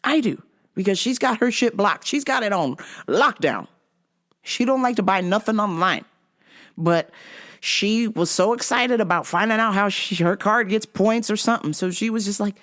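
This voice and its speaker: A woman's voice: mid-range voice, normal speed, a bit bright. A woman hosting a podcast, telling a comic story in a profane, exasperated way and laughing at herself. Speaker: podcast host. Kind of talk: comedic storytelling.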